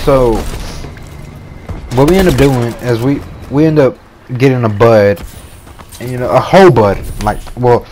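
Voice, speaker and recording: A young man in his twenties, a gaming host, tells a story over gameplay in a relaxed, slangy voice full of casual swearing. His pitch sits in an ordinary middle range. Faint video game gunfire runs underneath. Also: slight background noise. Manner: laid-back, slangy, swears freely.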